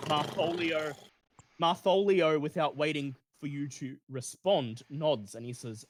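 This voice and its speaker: A man's voice: fairly high pitch, unhurried. A man narrating as game master in a tabletop game, describing scenes with occasional stumbles.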